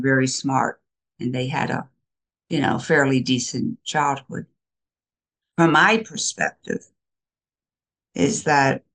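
An older woman, a counselor, talking in a casual interview in a slow, emphatic, reflective way. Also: a bass voice, a bit bright. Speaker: guest counselor.

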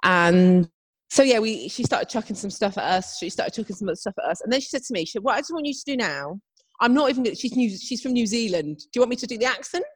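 A woman's voice: on the high side, fast talker, breathy edge, dry recording. A young woman chatting casually as podcast co-host, telling stories with lots of acted-out quotes. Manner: animated storytelling, acts out quotes. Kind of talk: casual chat.

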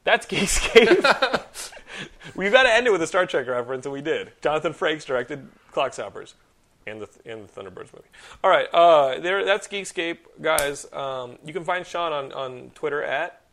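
A man in his thirties hosting a podcast, telling animated stories, ranting and swearing freely. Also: fairly high pitch, normal speed. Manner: animated storyteller, swears freely, rants loudly. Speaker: podcast host. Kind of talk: casual chat.

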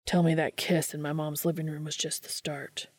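A woman reading a fan fiction audiobook, voicing a bold, playful young man in a soft, husky half-whisper. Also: low-pitched, fairly quick, no room sound. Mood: eager.

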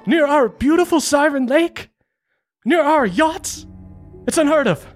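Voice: sits high, animated, unhurried, faint music behind, voice pushed up. A game master voicing a pompous noble politician. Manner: grandiose speechmaking. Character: pompous aristocratic male politician.

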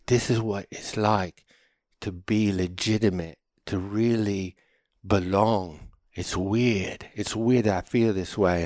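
A man's voice: fairly low pitch, dry recording, clean studio sound. A man hosting a show, telling a story in a rambling, loose, profane way. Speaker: host. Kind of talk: casual storytelling monologue.

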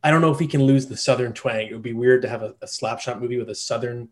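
Man hosting a relaxed podcast quiz. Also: medium pitch. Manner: quizzing his co-hosts with quick questions. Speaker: podcast host. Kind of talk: casual chat.

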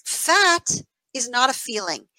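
High-voiced woman explaining warmly. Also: takes it slowly, no room sound, low-quality recording. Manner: animated, acts out inner voices, says "right?" often. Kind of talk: conversational explaining in an interview.

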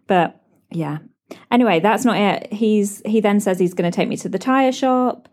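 A British woman hosting a podcast, telling animated stories with lots of laughs. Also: medium pitch, moderate pace. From Britain. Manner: animated storytelling with frequent laughs and "like". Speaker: podcast host. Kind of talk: chatty solo podcast catch-up.

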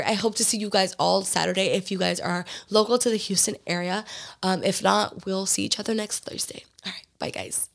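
Raspy-voiced woman hosting a podcast. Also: medium pitch. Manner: earnest and open, lots of "like" fillers. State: hoarse from being sick. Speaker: podcast host. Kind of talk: casual solo podcast talk.

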